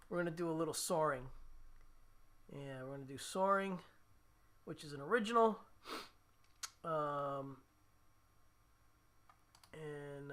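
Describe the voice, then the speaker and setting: A man's voice: a little high, a bit bright. A man with a New Jersey accent, hosting a casual guitar livestream and chatting with viewers. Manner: chatty, jokey, talking to the chat.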